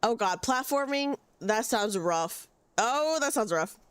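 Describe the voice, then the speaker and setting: A woman's voice: a little high, animated, slow, clean tone, dry recording. A young woman live-streaming a game, chatting casually and giggly with her viewers. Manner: chatty, giggly, talks to chat with many restarts. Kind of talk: casual live-stream chat while playing.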